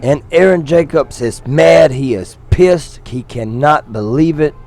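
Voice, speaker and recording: A man calling a wrestling match with a slightly higher voice than most. He commentates in a jokey, excitable way, teasing the referee and the crowd between moves. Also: unhurried. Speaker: color commentator.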